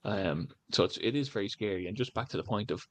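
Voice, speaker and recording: A fairly low-pitched Irish man in his thirties talks casually and at length. He keeps circling back and leaning on "you know" as he goes, the easy rhythm of a candidate telling stories from the campaign trail. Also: animated, quick pace, fairly bright tone. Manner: rambling, many "you know" fillers. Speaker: election candidate canvassing. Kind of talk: casual interview talk.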